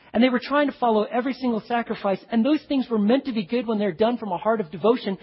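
Male pastor with a husky voice, high and lively, preaching conversationally in an echoey, dull-sounding church. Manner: animated, conversational preaching with asides. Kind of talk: sermon.

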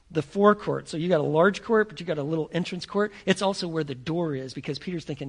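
High gravelly preacher. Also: male voice, brisk. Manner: animated, conversational, acts out scenes. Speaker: pastor. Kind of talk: sermon.

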